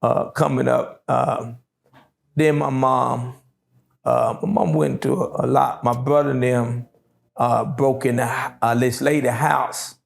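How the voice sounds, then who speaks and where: Gravelly middle-aged man with a drawl. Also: medium pitch, fairly even intonation. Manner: slow, drawling storytelling with many fillers. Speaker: interview guest. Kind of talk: casual storytelling interview.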